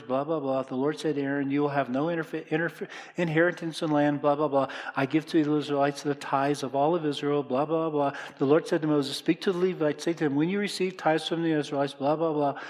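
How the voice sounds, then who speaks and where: A middle-aged man, a pastor, preaching a sermon in a conversational way, with loud emphatic moments and quiet coaxing ones. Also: a little high.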